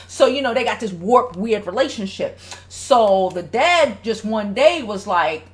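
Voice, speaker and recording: On her casual advice livestream, this relationship host reads out viewer comments and talks bluntly, swearing often. Her voice is a little high and expressive, at a normal pace.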